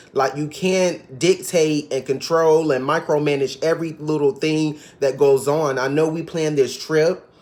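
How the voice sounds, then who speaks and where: Man, TV recap vlogger, sassy, gossipy, a touch high-pitched, casual. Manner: sassy, gossipy, mimics cast members in high voices.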